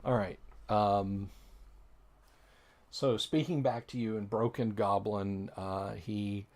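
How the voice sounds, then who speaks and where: A man's voice: lowish voice, steady tone, takes it slowly, darkish tone. A man running a tabletop game as game master, describing the scene with frequent restarts.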